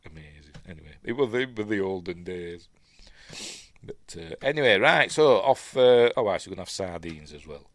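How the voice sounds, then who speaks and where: A man's voice: deep voice, animated, moderate pace, dry recording. Rambling Yorkshire man reviewing a film. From Yorkshire, England. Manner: rambling, many ums and self-questions. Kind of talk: casual film breakdown commentary.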